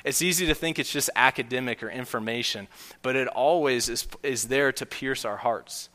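A man's voice: mid-range voice, moderate pace, pushed and bright. A man preaching a sermon in earnest, telling a story to make his point. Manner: earnest, storytelling with acted quotes. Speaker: pastor. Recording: long hall reverb.

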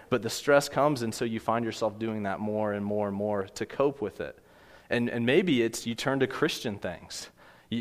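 Guy preaching in a church, chatty and earnest, some hall reverb on it. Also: medium pitch. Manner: earnest, conversational preaching with frequent restarts. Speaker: pastor. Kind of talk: sermon.

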